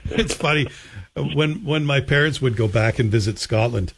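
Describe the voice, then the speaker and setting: A man's voice: mid-range voice, normal speed, slightly rough. A man hosting a radio talk show, asking direct questions in a conversational way. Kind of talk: radio interview and live read ad.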